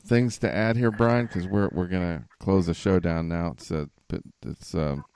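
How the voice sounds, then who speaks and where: A man hosting a podcast in casual chat, talking in a halting way with lots of fillers. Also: deep voice, fairly even intonation, darkish tone. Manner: halting, filler-heavy wrap-up talk. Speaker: podcast host.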